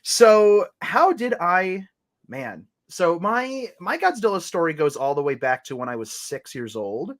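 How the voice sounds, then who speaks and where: A man's voice: high-pitched, sing-song, unhurried, fairly bright tone. A man chatting as a guest on a casual livestream, playful and jokey. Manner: playful, jokey, does mock accents.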